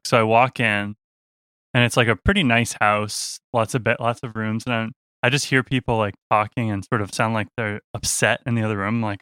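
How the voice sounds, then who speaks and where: A bright-voiced man tells a tour story with plenty of laughter, slipping into the other people's voices as he goes. The sound is close and dry. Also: fairly low pitch, a little fast, clear, resonant tone, no echo. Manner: animated, laughs often, acts out the other voices. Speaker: band member telling a tour story. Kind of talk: casual storytelling.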